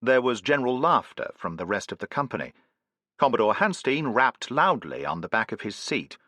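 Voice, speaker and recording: A man reading a science fiction audiobook in an even, measured storytelling way. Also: mid-range voice, no echo, clean studio sound. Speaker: audiobook narrator. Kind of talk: scripted audiobook narration.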